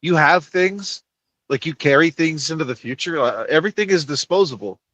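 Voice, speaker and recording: A man's voice: a little high, lively intonation, normal speed, a bit bright, dry recording. A man who is a co-guest on a live call-in show, talking in a blunt, teasing way. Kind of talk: casual call-in chat. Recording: muffled lo-fi line.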